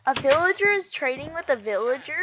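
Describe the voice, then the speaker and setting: A woman chatting casually while playing a video game, excitable and giggly, gasping and stammering as she goes. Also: sits high, brisk, background noise. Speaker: gaming video host. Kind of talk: casual gameplay chat.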